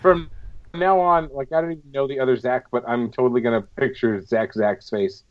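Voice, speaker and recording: A man co-hosting a podcast in loose casual chat, swearing freely and telling animated stories. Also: medium pitch, fairly quick, muffled recording. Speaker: podcast co-host.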